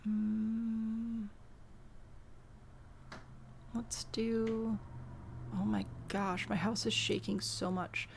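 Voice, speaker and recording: Chatty woman streamer with gravelly edge. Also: mid-range voice, level tone, drawn-out words, pauses often, slight background noise. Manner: chatty, self-amused, talks to chat while building. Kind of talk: live game stream chat. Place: home room.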